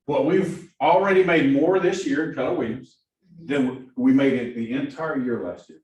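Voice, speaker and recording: A man with a Southern accent coaching a class of new agents, keeps checking in with "right?". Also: medium pitch. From Missouri. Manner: energetic, keeps asking "right?". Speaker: productivity coach. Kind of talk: classroom training talk. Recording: echoey room from far off, faint hiss.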